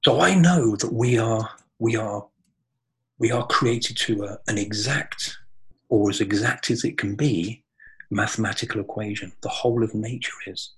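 A man's voice: on the low side, moderate pace, breathy edge, rough recording. A man talking earnestly and reflectively in a spiritual conversation on a podcast.

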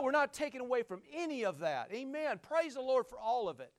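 High-pitched guy preaching, folksy, calls out to the crowd, shouts then drops quiet. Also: big pitch swings, fairly quick, few pauses. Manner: emphatic call-and-response preaching, shouting at peaks, then dropping low; folksy and conversational. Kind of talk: sermon.

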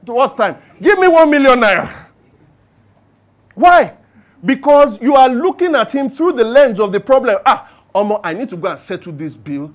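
High-voiced Nigerian pastor preaching. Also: male voice. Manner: emphatic preaching with call-and-response questions. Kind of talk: sermon. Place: church.

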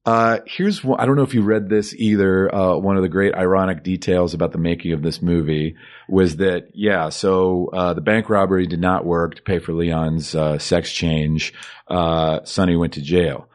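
Low-voiced man chatting about films. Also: fairly even intonation, normal speed. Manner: chatty, laughs easily. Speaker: podcast co-host. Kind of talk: casual film discussion.

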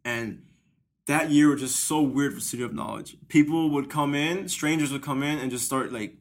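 A man's voice: on the high side, moderate pace. A young man co-hosting a podcast, telling stories bluntly with plenty of swearing, "dude" and "bro". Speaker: podcast co-host. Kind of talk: casual storytelling chat.

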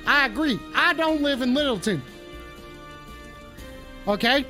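A man's voice: very high-pitched, lively intonation, measured pace, long pauses, sharp tone, soft background music. A man hosting a live call-in stream in character as a touchy, swearing cowboy with a put-on drawl, rambling and reacting to chat.

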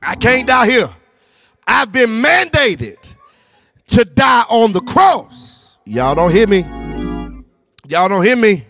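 High-voiced preacher man, shouting and intoning. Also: sing-song, slow pace, vocal fry, pauses often, faint music behind. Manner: call-and-response preaching, repeats lines, swings from low to shouting and sing-song. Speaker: pastor. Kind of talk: sermon.

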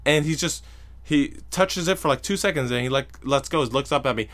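A man hosting a podcast, telling a story in a casual, profane rant and mocking people in loud put-on voices. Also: mid-range voice, moderate pace. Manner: profane, ranting, mocks others in loud voices. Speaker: podcast host.

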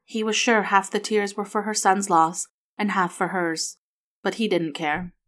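A woman narrating a story aloud in an even, steady manner. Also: medium pitch, unhurried.

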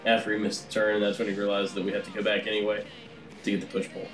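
A man's voice: lowish voice, completely flat delivery, quick pace, fairly bright tone, echoey room, faint music behind, rough recording. A man chatting casually on a fishing podcast, laid-back and hesitant with fillers. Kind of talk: casual chat.

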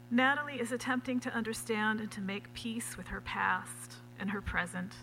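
A woman's voice: medium pitch, fairly even intonation, moderate pace, vocal fry, few pauses, pushed and bright, slight background noise, poor audio. A woman mentor formally introducing a reader at a literary event, speaking admiringly. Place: reading event.

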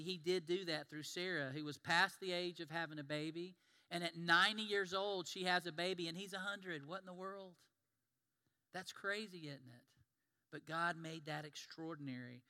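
Bright-voiced preacher in a reverberant hall. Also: male voice, on the high side, clear, resonant tone. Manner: animated storytelling, acts out quoted biblical voices. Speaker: pastor. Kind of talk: sermon. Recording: long reverb of a large hall.

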